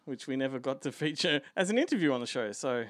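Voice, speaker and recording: A man's voice: mid-range voice, animated, quick pace, a bit bright, no echo, studio quality. A man co-hosting a podcast, with casual, crude banter and frequent laughter. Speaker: podcast co-host. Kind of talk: casual chat.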